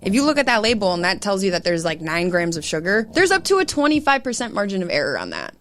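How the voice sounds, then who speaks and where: A young adult woman, a fitness coach, telling animated stories in a casual podcast chat, full of "like" and "right?". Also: medium pitch, fast. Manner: animated storytelling, lots of "like" and "right?".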